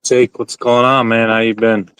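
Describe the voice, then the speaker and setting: A man's voice: medium pitch, level tone, normal speed, a bit bright, smooth, no echo. A man calling in to a sports show, talking in a loose, profane, rambling way. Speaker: caller. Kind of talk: casual call-in chat.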